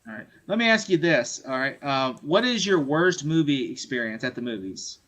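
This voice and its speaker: A man's voice: medium pitch, lively intonation, normal speed, a bit bright. A man hosting a casual movie interview, telling stories animatedly and mimicking people as he laughs. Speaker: interview host. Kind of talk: casual chat about movies.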